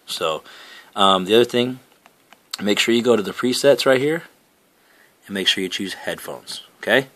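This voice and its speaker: A man's voice: on the low side, expressive, moderate pace, long pauses, fairly bright tone. A man giving a casual, step-by-step walkthrough of game console audio settings, repeating his points with plenty of fillers. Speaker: gaming headset reviewer. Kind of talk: casual tutorial talk to camera.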